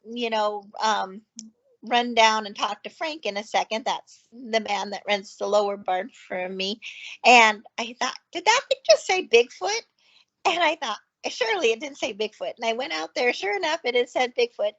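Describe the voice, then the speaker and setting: Chatty woman with a lively story. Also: on the high side. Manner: chatty, excitable storyteller with many fillers. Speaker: guest, ranch owner. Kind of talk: casual chat. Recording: dull lo-fi call audio.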